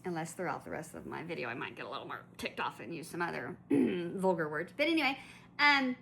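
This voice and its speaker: A woman vlogger tells a story as a casual rant, chatty and indignant, stopping for asides and restarts along the way. Her voice is bright and clear. A faint hum of ambience sits behind her. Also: low voice, expressive, brisk. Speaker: collector vlogger.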